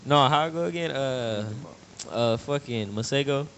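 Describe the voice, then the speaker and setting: A man's voice: mid-range voice, normal speed, very noisy. A man co-hosting a podcast, trading crude, joking banter in casual chat. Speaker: podcast co-host.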